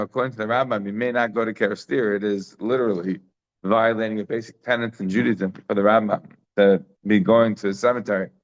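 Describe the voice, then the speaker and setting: Guy teaching talmud, keeps asking questions and answering them, kinda muffled audio. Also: lowish voice. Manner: emphatic, rhetorical questions, quick Hebrew and Yiddish terms. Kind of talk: daily Talmud lesson.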